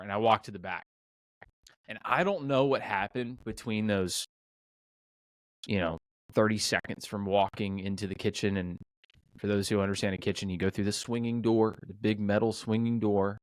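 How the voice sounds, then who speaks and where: A middle-aged man with a somewhat low voice tells a story in a relaxed interview and plays out each exchange with quick restarts and fillers. The sound is dry and close, with no room around it. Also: smooth, no room sound. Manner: animated storyteller, acts out quoted dialogue, many fillers and restarts. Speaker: restaurant owner, podcast guest.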